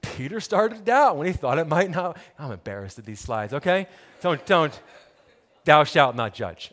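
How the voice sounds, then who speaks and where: A man preaching a sermon as pastor, emphatic and animated, repeating key phrases for effect. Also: fairly high pitch, normal speed, big-room sound.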